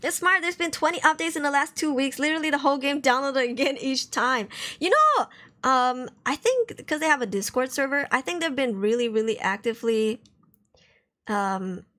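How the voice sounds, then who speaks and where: Chatty woman streamer, slightly high voice. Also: lively intonation, moderate pace, sharp tone. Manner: chatty, rambling, reacts to chat with mock outrage. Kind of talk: casual live-stream chat.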